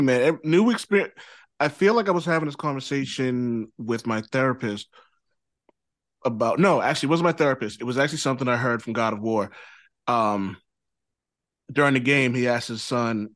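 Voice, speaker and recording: A man's voice: medium pitch, dry recording. A man hosting a podcast in casual chat, loose and rambling, often checking in with "you know what I mean.". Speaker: podcast host.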